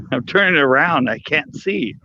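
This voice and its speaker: A man's voice: fairly high pitch, expressive, slow, pushed and bright, no room sound. A man joining a live panel by phone, chatting in a laid-back way while he walks outdoors at night. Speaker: panel guest. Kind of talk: casual chat. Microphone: phone held while walking. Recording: muffled lo-fi phone audio.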